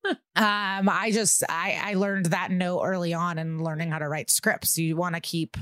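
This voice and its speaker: A woman co-hosting a podcast, recapping an episode in casual, animated chat and swearing freely. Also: lowish voice, measured pace, no echo, studio quality. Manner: animated, swearing, acts out quotes. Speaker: podcast co-host.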